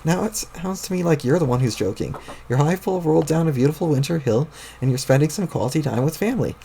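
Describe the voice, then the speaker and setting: A crabby young troll boy drawls sarcastic jabs and curses, as a man reads him out. His voice is gravelly and creaky, a bit higher than average. He sounds mocking and fed up. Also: lively intonation, quick pace, mellow, slight background noise. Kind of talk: reading a webcomic aloud with voices.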